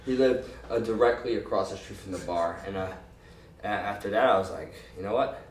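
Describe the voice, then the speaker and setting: A man telling a long, profane, animated story in a casual interview, quoting people as he goes. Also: fairly low pitch, a little fast, far from the mic. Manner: profane, animated anecdote with quoted voices. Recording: roomy, off-mic with faint ambience.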